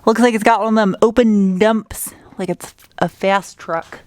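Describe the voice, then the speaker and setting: A woman's voice: mid-range voice, fairly even intonation, unhurried, noisy background. A young adult woman casually narrating her truck restoration in a garage, joking and talking to herself as she works. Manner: chatty, joking, talks to herself while working. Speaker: car restoration vlogger.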